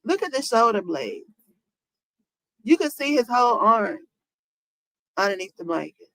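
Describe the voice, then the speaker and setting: A woman's voice: a little high, sing-song, measured pace, fairly bright tone, dry recording, low-quality recording. A woman streamer reacting casually to celebrity news, talking straight to her viewers with rhetorical questions. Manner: talks to chat, rhetorical questions, African American Vernacular English phrasing.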